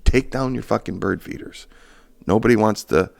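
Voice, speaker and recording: Male podcast host, deep gravelly voice, sarcastic profane solo rant. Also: normal speed. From Michigan, USA. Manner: sarcastic, profane, rambling with fillers.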